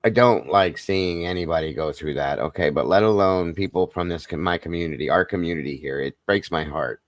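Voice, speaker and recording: A man hosting a live stream, talking softly and consolingly to viewers in the chat. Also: low-pitched, fairly quick, no room sound, studio quality. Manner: soft, consoling, emotional. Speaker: livestream host.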